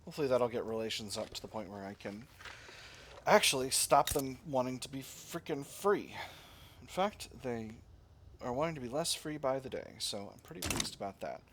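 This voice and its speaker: A man's voice: mid-range voice, animated, moderate pace, a bit bright, slight background noise. A man casually commenting on his strategy game as he plays, thinking aloud and often correcting himself. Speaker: let's play gamer. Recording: game music playing underneath.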